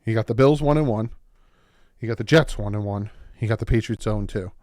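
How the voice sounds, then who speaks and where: A man hosting a casual football recap video, excited and winded, rattling off game stats. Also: lowish voice, fairly quick, no echo, studio quality. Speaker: sports video host.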